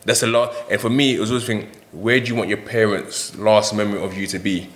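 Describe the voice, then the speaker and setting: A man with a fairly low, steady, slightly bright voice tells prison stories as a guest in a casual podcast chat. He tells them quickly, acts out other people's lines in their voices, and laughs while he talks.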